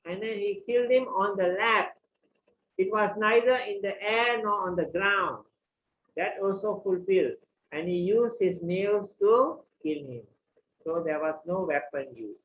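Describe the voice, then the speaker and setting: A man teaching a scripture class, retelling the story in simple, repetitive, halting sentences. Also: sits high, a bit bright, slight background noise. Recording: echoey room with faint ambience.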